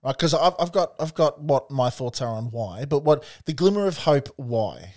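A man's voice: medium pitch, expressive, moderate pace, darkish tone. A man in casual chat about football, searching for words and cutting in with questions. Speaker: football podcast co-host.

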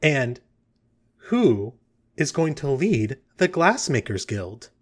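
A man's voice: mid-range voice, big pitch swings, slow pace. A man voicing a pompous, haughty female guild mistress in a tabletop game, grand and self-important.

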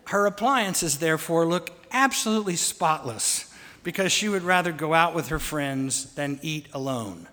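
A man telling fond, gently humorous family stories in a sermon. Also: on the high side. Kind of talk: anecdotal storytelling sermon. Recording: long hall reverb.

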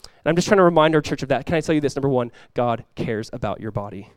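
A man's voice: medium pitch, animated, quick pace, smooth, dry recording. A man preaching a sermon as pastor, talking casually with the congregation and rising into emphatic bursts.

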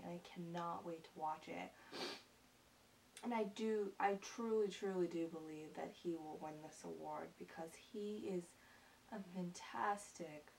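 A young vlogger chats casually to camera, gushing earnestly to her viewers and circling back with ums and repeated words. Her creaky voice sits a little low for a woman, and she's recorded from some distance with a faint hiss underneath.

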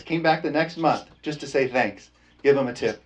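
A man's voice: a little high, moderate pace. A man preaching a storytelling sermon in a folksy, laughing way, often tossing "amen?" to the congregation.

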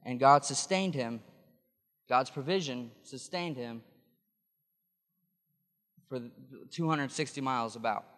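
Male preacher, conversational sermon delivery, mid pitch, smooth and resonant voice. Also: takes it slowly, long pauses, a bit bright, long reverb tail. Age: adult. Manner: conversational, explanatory, with restarts.

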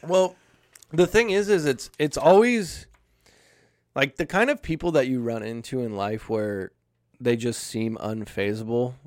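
A man's voice: mid-range voice, a little slow, dry recording, clean studio sound. A young man telling a casual, profane story on a podcast, acting out quoted lines as he goes. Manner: swears a lot, acts out quotes.

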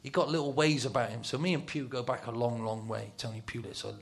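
A man's voice: medium pitch, fast talker. A middle-aged man telling football stories in a casual talk, laughing often and dropping to a whisper for his inner thoughts. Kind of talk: casual storytelling on a talk show.

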